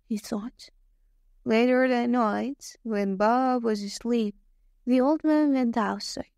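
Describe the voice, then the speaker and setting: A woman reading a story aloud slowly and carefully for English learners. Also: fairly high pitch, a little mellow, no echo, clean studio sound. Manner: slow, careful, clearly spaced reading. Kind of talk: slow scripted story narration.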